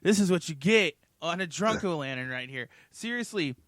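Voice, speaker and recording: A man's voice: fairly high pitch, animated, normal speed, fairly bright tone, dry recording, clean studio sound. A man co-hosting a podcast, cracking sarcastic, profane jokes in casual banter. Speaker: podcast co-host.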